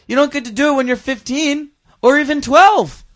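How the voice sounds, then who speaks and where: A man's voice: extremely high pitch, normal speed. A man hosting a casual podcast chat, teasing his co-host and reading out jokes. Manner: teasing, jokey, reads one-liners aloud.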